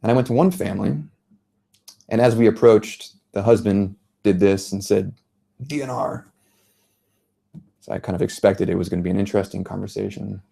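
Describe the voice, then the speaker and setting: A man from the United States in his thirties giving an earnest public talk as a journalist, telling a story in a measured way. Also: lowish voice, level tone, gravelly, warm tone, breathy edge. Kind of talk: public speech. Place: lecture venue.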